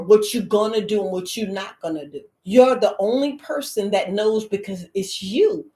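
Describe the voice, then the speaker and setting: A woman life coach chatting casually to her listeners, lively and laughing, her voice jumping high for mock quotes. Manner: animated, jumps to high squeals for mock quotes, laughs often. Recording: roomy echo.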